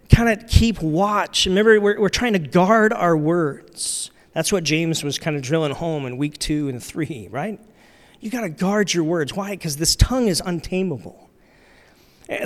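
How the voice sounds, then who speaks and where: Candid preacher in a reverberant hall. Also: male voice, high-pitched. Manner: conversational, candid, self-deprecating preaching. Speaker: pastor. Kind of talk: sermon.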